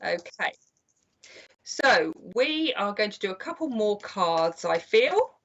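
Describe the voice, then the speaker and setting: Older woman, psychic medium, chatty and gentle, live-stream readings, dull lo-fi audio. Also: medium pitch, sing-song, slow. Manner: chatty and gentle, calls people "my lovely".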